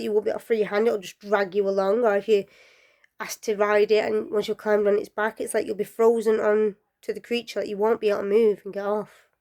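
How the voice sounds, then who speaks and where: A woman with a medium-pitched voice tells folklore stories casually. She's chatty and rambling, full of asides and fillers, and often drops to a soft near-whisper.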